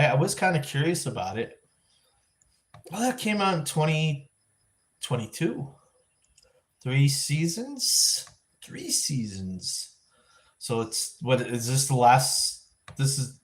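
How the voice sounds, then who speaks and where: A man's voice: medium pitch, darkish tone. Rambling man chatting on a livestream. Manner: rambling, thinking aloud with frequent restarts. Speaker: livestream vlog host. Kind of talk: casual live-stream chat.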